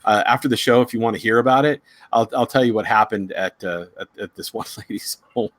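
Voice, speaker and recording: Man, casual storytelling, halting, lots of restarts, dry close sound. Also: on the low side, fairly even intonation, a bit bright, dry recording. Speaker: psychic reader, show host.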